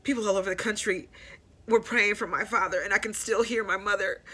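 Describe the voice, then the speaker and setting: A woman hosting a personal grief podcast, talking candidly and haltingly, repeating herself as she works through her thoughts. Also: mid-range voice, fairly even intonation, bright, forceful tone, slightly rough. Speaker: podcast host.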